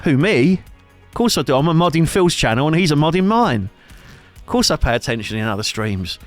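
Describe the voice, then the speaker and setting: A man's voice: a little high, sing-song, brisk, soft background music. A man bantering casually on a livestream, reading out chat and joking around. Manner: jokey, rambling, chat-reading. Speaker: streamer co-host.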